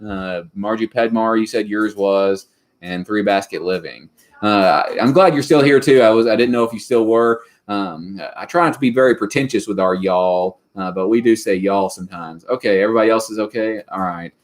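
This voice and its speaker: A man's voice: fairly low pitch, moderate pace. Give me a rambling Southern man in his thirties chatting on a homestead livestream. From Western Kentucky. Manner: rambling, many fillers and restarts. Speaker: livestream host. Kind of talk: casual livestream chat.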